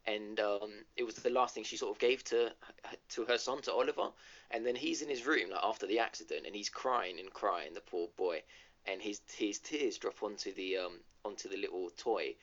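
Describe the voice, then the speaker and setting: A man's voice: lowish voice, moderate pace, fairly bright tone. A man co-hosting a casual gaming podcast, retelling a game's story with lots of ums and restarts. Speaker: podcast co-host. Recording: dull lo-fi audio.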